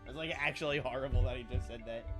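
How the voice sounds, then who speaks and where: A woman's voice: rumbling low, quick pace, over music. A woman streamer chatting casually with her viewers in a chatty, bubbly way. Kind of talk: casual live-stream chat.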